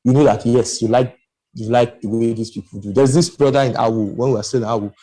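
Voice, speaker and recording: A man, his voice mellow and soft-edged, talks in an animated, emphatic way. He rambles and restarts as he makes his points in a casual podcast chat. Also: medium pitch, fast talker, low-quality recording. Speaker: podcast panelist. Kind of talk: casual discussion.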